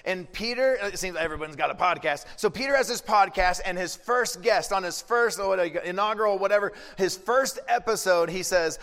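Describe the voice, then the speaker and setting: A man's voice: high-pitched, a little fast, few pauses, fairly bright tone, big-room sound, soft background music. A man pastor giving a conversational, joking sermon.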